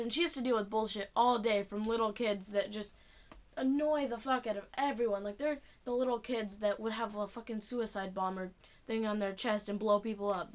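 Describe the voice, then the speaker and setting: A woman's voice: on the high side, a bit bright. A teenage girl telling a story in a casual rant, indignant and swearing freely. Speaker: vlogger.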